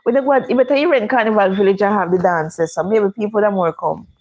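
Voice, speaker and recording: With a quick pace and a mid-range, darkish voice, a middle-aged Jamaican woman chats casually to viewers on her livestream. She has a Jamaican accent and speaks Jamaican English. The recording quality is low.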